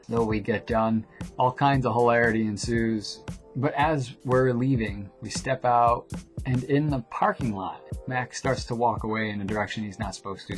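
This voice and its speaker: A young adult man reading his own poem quietly, then telling a family story in a rambling, animated way. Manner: quiet, low reading of the poem, dropping to a whisper at line ends. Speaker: vlogger and poet. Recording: music playing behind the voice.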